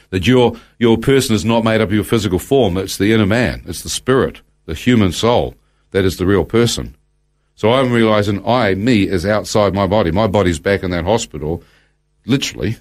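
A man, telling a guest's testimony in conversation, acting out his own thoughts as dialogue and quoting scripture by verse. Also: fairly low pitch.

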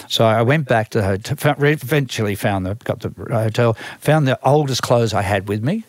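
An older Australian man who works as a music manager tells long stories in an interview, often restarting and repeating words. His mid-range voice moves briskly with few pauses, and there's no echo.

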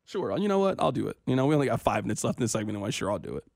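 A man's voice: mid-range voice, very animated, very fast, creaky, a little mellow, dry recording. A young man hosting a sports talk radio show, bantering and complaining in a playful, self-mocking way into a studio microphone.

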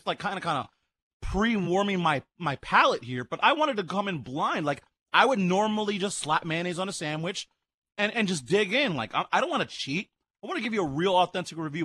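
Excitable man reviewing food live on radio. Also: high-pitched, dry recording. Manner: excited, loud outbursts while eating. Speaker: radio co-host.

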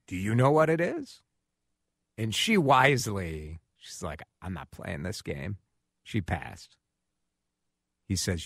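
Radio host guy, lively swoopy voice, bright, dry studio sound. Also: fairly low pitch, no echo. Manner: animated storytelling, acts out quotes. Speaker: radio talk show host. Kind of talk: casual radio chat.

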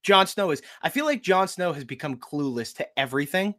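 A man co-hosting a casual TV recap chat, relaxed and quick to agree, retelling scenes with lots of "like". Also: fairly high pitch. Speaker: podcast co-host.

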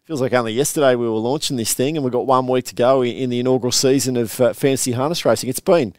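An Australian man hosts a laid-back podcast in a conversational, meandering way, looping back and restarting thoughts. His voice sits at an ordinary middle pitch and sounds close and dry, with no room around it. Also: steady tone, quick pace, no echo. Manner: chatty, rambling with restarts. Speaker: podcast host. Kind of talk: casual chat.

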